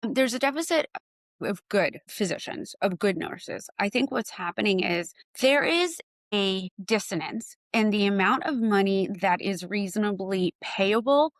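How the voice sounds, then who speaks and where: A woman's voice: medium pitch, dry recording. A middle-aged woman, a physician and clinic head, talking as a podcast guest and acting out conversations as she tells stories. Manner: animated storyteller, acts out dialogue. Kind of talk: podcast interview.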